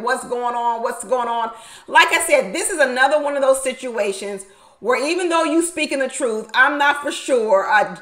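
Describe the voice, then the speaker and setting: A woman giving a casual, animated recap of a reality show, laughing often and repeating her points for emphasis. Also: sits high, rough recording.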